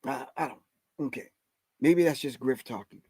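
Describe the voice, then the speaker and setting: A man's voice: medium pitch, moderate pace, a little mellow, husky, no room sound. A middle-aged man hosting a live stream, giving emphatic, preachy commentary and calling his audience family. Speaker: host.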